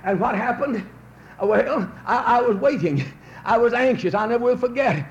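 Fervent high-voiced man preaching. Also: expressive, normal speed. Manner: folksy storytelling that builds to fervent shouting. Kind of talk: fiery revival sermon. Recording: roomy, dull old recording with faint hiss.

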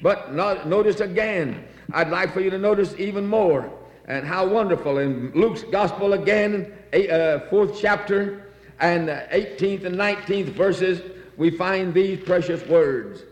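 A man's voice: high voice, measured pace. A man preaching a sermon in a church, fervent and repetitive, reading scripture aloud between exclamations. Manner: fervent, repeats phrases, reads scripture aloud. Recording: echoey hall.

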